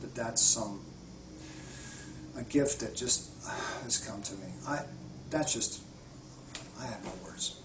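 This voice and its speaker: A man's voice: mid-range voice, slow pace, long pauses, background noise. A man, a spiritual healer, earnestly telling stories in an interview, often restarting his sentences. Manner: earnest, heartfelt storytelling with frequent restarts. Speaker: spiritual healer and retreat guide. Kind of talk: interview conversation. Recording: echoey room, far from mic.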